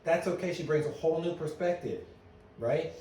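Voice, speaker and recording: A man's voice: on the high side, normal speed, distant mic, a little hiss or hum. Middle-aged man speaking in an echoey hall. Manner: lively storyteller, asks the room questions. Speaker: business owner giving a presentation. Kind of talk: conference talk to an audience. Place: meeting room at an annual meeting.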